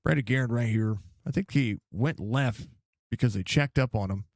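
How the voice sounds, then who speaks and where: A man doing casual live commentary on a sim race while chatting with viewers, with excited outbursts at crashes. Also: medium pitch, moderate pace, no room sound. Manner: chatty, greets viewers by name between race calls. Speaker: sim racing league commentator and streamer.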